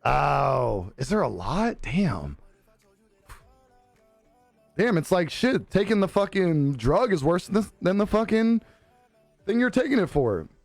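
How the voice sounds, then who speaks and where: A man's voice: high-pitched, very animated, takes it slowly, vocal fry, pauses often, dry recording, soft background music. Laid-back young man livestreaming, swears a lot. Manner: laid-back, profane, laughs often. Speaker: live streamer. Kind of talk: casual chat reading viewer comments.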